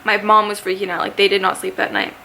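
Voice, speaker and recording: A young woman in her twenties chats to camera, animated and full of fillers as she tells her story. Her voice sits at a middling pitch for a woman. A faint hiss runs under the recording. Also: fast talker, gravelly. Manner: chatty, animated, lots of fillers. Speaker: vlogger.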